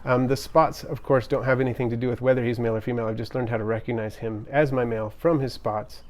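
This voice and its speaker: A man's voice: medium pitch, fairly even intonation, quick pace, darkish tone. A man hosting a casual pet livestream from home, chatting upbeat with viewers and reading their comments aloud with frequent ums and restarts. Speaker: livestream host. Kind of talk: casual live-stream chat, reading comments. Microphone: camera on tripod.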